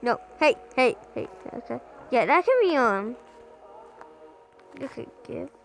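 High lively young woman gamer, repeats herself a lot, game music going behind. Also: slow, vocal fry, rough recording. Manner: chatty, repeats words in bursts, sudden yelps. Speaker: gamer playing a parent role. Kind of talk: playing a game, talking aloud.

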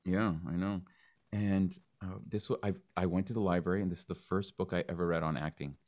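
A man's voice: deep voice, steady tone, brisk, darkish tone. A man hosting a podcast, playful and jokey, with big announcer-style openings. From Canada. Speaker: podcast host. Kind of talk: casual interview chat.

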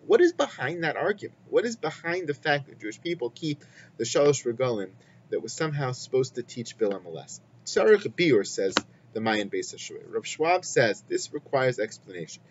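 A man giving a weekly Torah lesson in a measured, explanatory way, weaving in Hebrew quotations. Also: mid-range voice, very animated. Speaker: Torah teacher. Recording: slightly muffled with faint hum.

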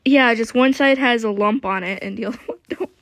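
A woman player chatting casually during a game, giggly and excitable, often breaking into loud laughs. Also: a little high, fairly quick, no echo. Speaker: Minecraft server player.

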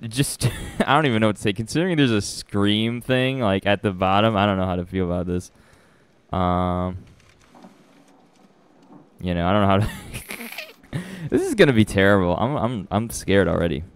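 A man's voice: lowish voice, animated, moderate pace, pauses often, a little hiss or hum. A young adult man streaming a horror game, nervous and rambling, with frequent laughs and restarts. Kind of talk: live gameplay commentary.

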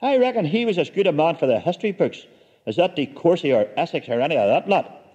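A man's voice: a little high, expressive, fast, a little mellow, husky, in a large hall, muffled recording. A man telling a comic story with dry, wry humor.

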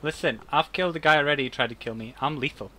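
A man's voice: on the high side, racing, bright, forceful tone. A man with an Australian accent, streaming a game and trading cheeky, teasing banter. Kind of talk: casual gaming chat.

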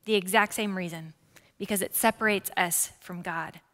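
A woman in her forties preaching a sermon as pastor, lively and conversational, with frequent asides to the congregation. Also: lowish voice, normal speed. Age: 40s. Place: church sanctuary. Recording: church hall with long reverb.

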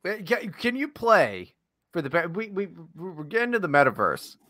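A man co-hosting a podcast, chatting loosely with plenty of swearing and laughter. His voice sits fairly high and bright, and it swings widely in pitch. The recording is dry and close. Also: sing-song, dry recording. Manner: rambling, profane, quick to laugh. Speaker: podcast co-host. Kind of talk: casual podcast banter.

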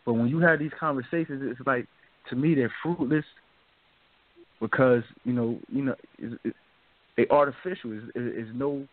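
A man's voice: medium pitch, moderate pace, no room sound. A man hosting a radio talk show, chatting loosely and often asking "you feel me?". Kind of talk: casual discussion. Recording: dry, phone-like narrow sound.

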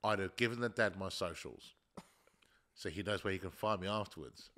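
A man speaks in a fairly low but bright, edgy voice. He walks through the story slowly and deliberately, one point at a time. It is a casual comedy chat. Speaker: podcast co-host.

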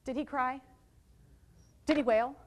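Woman, high voice, teacher trainer, lively, questions the room, workshop presentation. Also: measured pace, a little hiss or hum. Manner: lively, quizzes audience with questions. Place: training room with live audience.

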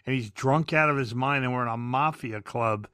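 A male podcast host chatting casually and telling a lively anecdote. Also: medium pitch, normal speed, clear, resonant tone, no room sound, clean studio sound. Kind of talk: casual chat.

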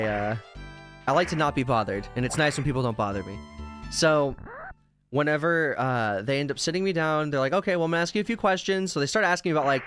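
A man's voice: medium pitch, a bit bright. A man streaming a video game, telling a long, tangential personal story in casual chat and swearing freely. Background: game music.

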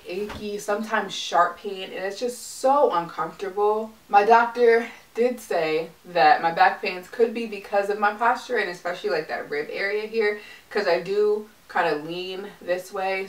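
A woman's voice: medium pitch, recorded from a distance. A young adult woman chatting casually in a vlog, talking in a loose, filler-heavy way. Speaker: pregnancy vlogger. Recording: echoey room, mic set back.

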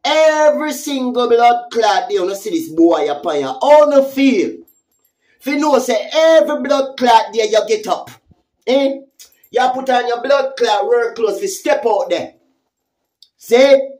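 A woman's voice: fairly high pitch, expressive, measured pace, darkish tone. A woman with a Jamaican accent giving a heated, profane vlog rant, confronting someone with repeated taunting questions. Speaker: social media commentator.

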